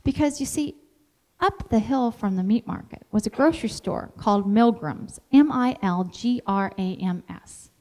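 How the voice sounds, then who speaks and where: A middle-aged woman giving a motivational talk as an animated storyteller who acts out the dialogue. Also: fairly high pitch, normal speed. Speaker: motivational speaker.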